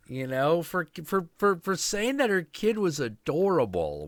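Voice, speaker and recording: A man hosting a livestream, telling a story in a casual, profane, animated way and acting out the voices. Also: high-pitched, measured pace, hardly any pauses, dry recording, clean studio sound. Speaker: show host.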